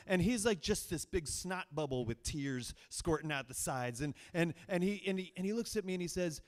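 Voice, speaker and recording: A man's voice: a little high, lively intonation, brisk. A man from Virginia telling a personal story on stage, rambling with many fillers and restarts and poking fun at himself. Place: stage of a cultural center, live audience.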